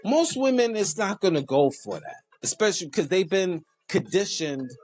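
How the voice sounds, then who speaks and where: A man hosting a casual monologue, preachy and animated, joking and laughing at his own lines. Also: high voice, normal speed, soft background music. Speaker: host.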